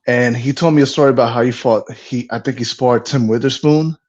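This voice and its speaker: A man guest in a casual boxing chat, talking haltingly and filling pauses with "listen" and "yo". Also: medium pitch, steady tone, a little mellow, highs cut off.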